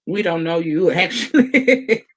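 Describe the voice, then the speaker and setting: A young woman hosts a casual livestream, teasing her viewers with an unhurried, drawn-out delivery. She laughs often and stretches her exclamations. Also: fairly low pitch, lively intonation. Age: 20s. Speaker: livestream host.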